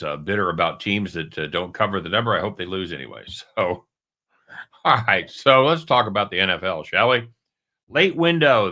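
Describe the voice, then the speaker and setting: Give me a jokey man previewing his sports bets in a casual chat, a bright forceful voice. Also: deep voice. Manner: chatty, jokey, talks straight to viewers. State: talking with a caramel in his mouth. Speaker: sports betting handicapper.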